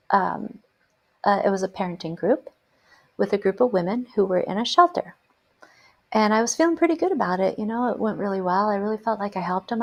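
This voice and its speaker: A woman's voice: mid-range voice, vocal fry, a little mellow. A middle-aged woman telling her own story as host, earnest and reflective, with emphatic repetitions. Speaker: host, life coach and hypnotherapist. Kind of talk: personal storytelling to camera.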